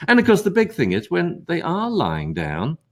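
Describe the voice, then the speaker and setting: An older man talks dog training on a live webinar. His pitch swings widely as he tells stories, acting out what he and others said. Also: normal speed. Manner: animated storytelling, acts out quotes.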